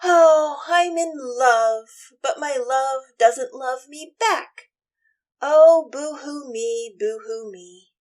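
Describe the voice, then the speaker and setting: A woman's voice: fairly high pitch, a little slow, a little mellow, natural voice. A woman voicing Romeo as a whining, lovesick teenage boy, drawing out her sighs in a classroom retelling.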